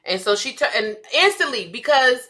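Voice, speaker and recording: A woman's voice: sits high, normal speed. A woman co-hosting a podcast, telling stories in a casual chat, laughing often and acting out what people said. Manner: animated storytelling, laughs often, acts out quotes. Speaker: podcast co-host, comedian.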